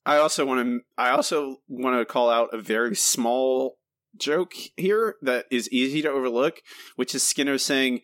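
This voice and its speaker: A man's voice: medium pitch, moderate pace, a bit bright, dry recording, studio quality. A man co-hosting a podcast in casual, chatty talk, often laughing. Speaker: podcast co-host. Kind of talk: casual chat.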